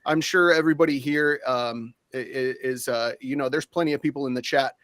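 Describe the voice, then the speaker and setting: A man co-hosting a livestream over a video call, talking in a relaxed, supportive way with many fillers. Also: mid-range voice, brisk, no echo, clean studio sound. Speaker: co-host.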